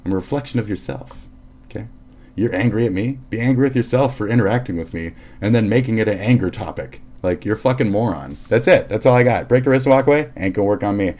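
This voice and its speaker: A man's voice: lowish voice, lively intonation, fast, darkish tone. A man ranting casually on a live stream, profane and heated, often laughing and acting out quotes.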